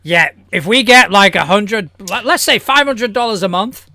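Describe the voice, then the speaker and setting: A man's voice: high-pitched, expressive, normal speed, pushed and bright, no echo. A man with a Northern English accent, chatting on a podcast with playful, teasing banter. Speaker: co-host. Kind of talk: casual podcast chat.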